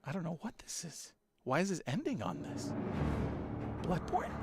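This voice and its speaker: A man streaming a live reaction, talking in an excitable, exclaiming and rambling way. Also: fairly high pitch, normal speed, creaky. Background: loud presentation audio and music.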